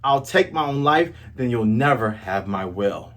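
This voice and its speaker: A man's voice: medium pitch, expressive, measured pace, pitched below the performer's own voice, close to an everyday voice. A man voicing a frightened young woman begging a villain to spare children. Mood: pleading.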